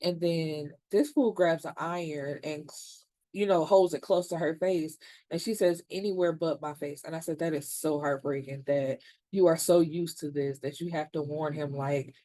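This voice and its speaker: Speaking in a warm, low-pitched voice with fairly even intonation and a moderate pace, a woman reviews a TV episode in a chatty recap. She acts out scenes in quotes and curses bluntly along the way, with no room sound in the recording.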